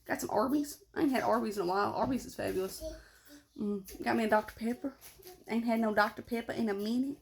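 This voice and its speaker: A woman's voice: fairly high pitch, quick pace, vocal fry. A tired young woman, chatting casually and rambling to her vlog audience. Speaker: vlogger.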